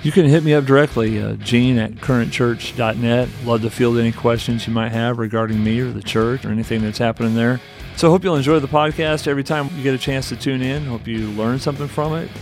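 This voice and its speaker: A man's voice: medium pitch, quick pace, few pauses. A man, the church's front man, reading a friendly, joking promo in a put-on radio-style voice. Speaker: pastor. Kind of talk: promo announcement. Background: guitar music.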